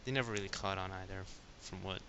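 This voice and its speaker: A man's voice: low-pitched, fairly even intonation, fast. A man co-hosting a casual gaming podcast, rambling with lots of fillers. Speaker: podcast co-host. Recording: dull lo-fi with faint hiss.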